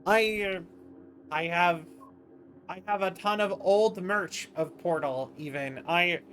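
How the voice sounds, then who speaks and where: High-voiced, tired, rambling streamer man. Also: slow pace, a bit bright, slight background noise. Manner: rambling, self-interrupting, chatty. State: tired, yawning. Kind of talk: casual livestream commentary.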